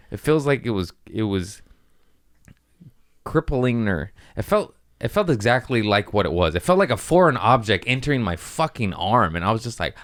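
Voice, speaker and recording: A young adult man hosting a podcast, telling a story in casual chat, animated and profane, acting out voices and yelps. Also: fairly low pitch, fairly quick. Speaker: podcast host.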